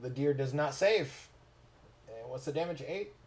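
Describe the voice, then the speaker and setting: A man's voice: a little high, animated, measured pace. Playful man running a tabletop game. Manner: playful, laughing narration. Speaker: game master.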